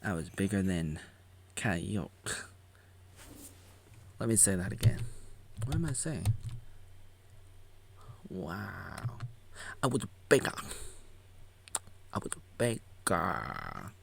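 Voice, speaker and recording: A man's voice: low-pitched, very animated, slow, gravelly, pauses often, slight background noise. A man giving a goofy, rambling live reaction to a video about himself, jumping into silly voices and whispers. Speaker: vlogger reacting to his own documentary. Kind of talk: casual live reaction commentary.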